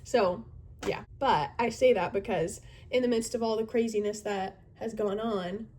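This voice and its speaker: A woman in her twenties, a youth group leader, chatting casually and earnestly to camera, with many fillers and thoughtful pauses. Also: medium pitch, darkish tone, a little hiss or hum. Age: 20s.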